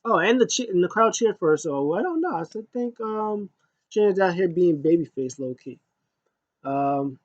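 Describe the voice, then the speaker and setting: A man's voice: fairly high pitch, expressive, normal speed, no echo, muffled recording. A man giving a loose, rambling casual recap as a wrestling show reviewer, full of asides.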